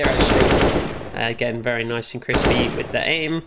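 In a very noisy recording, a medium-pitched man talks at a measured pace with fairly even intonation. Hiccuping as he goes, the esports analyst reviews a match demo and riffs over the footage in a chatty, blunt, joking way, dropping frequent fillers.

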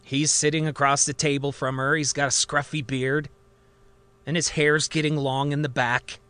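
A man narrating a story in a conversational, lively retelling. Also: on the high side, moderate pace, clear, resonant tone, no echo.

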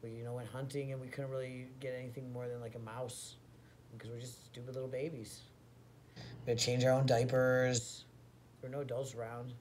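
A man telling an absurd tall tale in a deadpan, mock-boastful way, rambling as he goes. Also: mid-range voice, fairly quick, slight background noise. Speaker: comedy storyteller.

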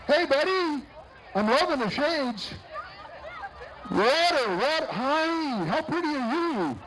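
A man's voice: very high-pitched, sing-song, takes it slowly, fairly bright tone, a faint crowd, a little hiss or hum, poor audio. A man announcing a street parade outdoors, joking and bantering with the people passing by. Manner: jokey, bantering with passing entrants. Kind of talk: live parade commentary.

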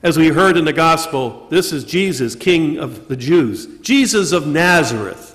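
A male priest preaching a sermon at Mass, posing rhetorical questions and answering them himself, leaning slowly on key words. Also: fairly high pitch, expressive, a bit bright. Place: church during Mass. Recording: long reverb of a church.

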